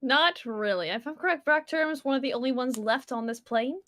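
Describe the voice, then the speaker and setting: A woman's voice: sits high, brisk, a bit bright. A woman player in a tabletop game, chatting casually with laughing asides. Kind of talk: casual chat.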